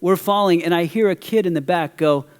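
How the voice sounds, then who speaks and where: A middle-aged man preaching from the pulpit, moving between teaching and an animated personal story. His voice sits somewhat high, and a long hall reverb trails every phrase. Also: fairly quick, slight background noise. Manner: animated, acts out a story with quoted voices and audience questions. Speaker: pastor. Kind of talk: sermon with storytelling.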